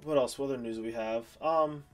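A young man from the Pittsburgh area co-hosts a podcast in casual chat, talking fast in a mid-range voice over music. He rambles loosely, full of ums and restarts.

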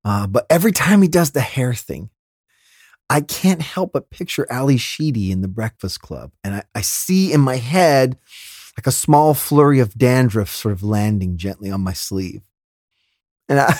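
Brief: lively, exasperated male host storyteller, dry close-mic sound. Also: mid-range voice, normal speed, no echo. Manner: animated, exasperated, laughing asides. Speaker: podcast host. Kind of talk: comedic storytelling monologue.

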